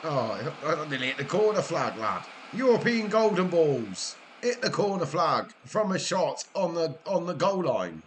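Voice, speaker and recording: A middle-aged Welsh man chatting and joking with viewers during a live-streamed game, with a relaxed, teasing manner. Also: a little high, normal speed, hardly any pauses, a little hiss or hum. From Wales. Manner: chatty, jokey banter with viewers, frequent laughs. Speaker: gaming streamer. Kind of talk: casual live-stream chat while gaming.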